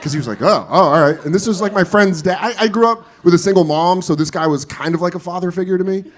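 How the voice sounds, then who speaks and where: A man doing a stand-up comedy set on a club stage, telling profane stories with loud, exaggerated bursts of character voices. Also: sits high, quick pace.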